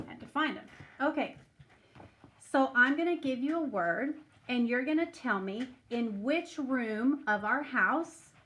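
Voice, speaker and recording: A woman's voice: fairly high pitch, fairly bright tone, slight background noise. A woman teacher leading a remote phonics lesson for young children, patiently prompting and stretching out sounds.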